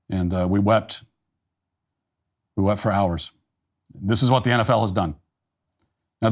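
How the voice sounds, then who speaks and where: A middle-aged man hosting a political talk show, delivering a sarcastic monologue in a deadpan, mock-earnest manner. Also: mid-range voice.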